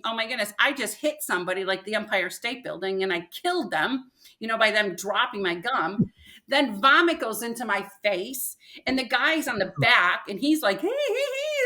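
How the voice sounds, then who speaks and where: An older woman, a podcast guest, telling a personal story in an animated way and acting out what people said. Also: on the high side.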